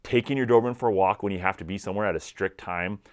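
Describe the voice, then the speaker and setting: A man giving energetic, conversational dog training advice directly to his viewers. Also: low-pitched, rapid-fire. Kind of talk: instructional talk to camera.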